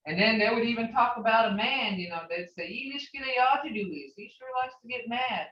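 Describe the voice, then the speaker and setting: A woman's voice: a little high, expressive, a little fast, hardly any pauses, a bit bright. An older woman teaching a language class who tells stories and uses many "you know" fillers. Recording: echoey, distant, dull recording.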